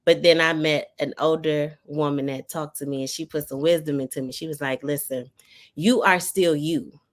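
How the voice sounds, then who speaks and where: A woman from Maryland with a raspy voice, chatting as a podcast guest and reflecting on her story with plenty of fillers. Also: deep voice, flat delivery, brisk. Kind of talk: casual podcast chat.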